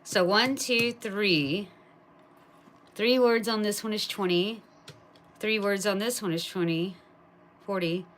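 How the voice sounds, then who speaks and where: A woman chatting casually on a live stream, thinking aloud and talking to her viewers, turning loud and excited at a win and cooing to her pet. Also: mid-range voice. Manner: gets excited and loud at wins. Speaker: live streamer scratching lottery tickets.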